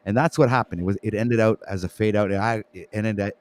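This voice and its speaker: French canadian guy hosting a stream, deepish voice, stumbles and restarts a lot, jokes on himself. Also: fairly even intonation, fast, a little mellow. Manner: stumbling, self-mocking, often restarts words. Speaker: livestream talk show host. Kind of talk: casual livestream chat.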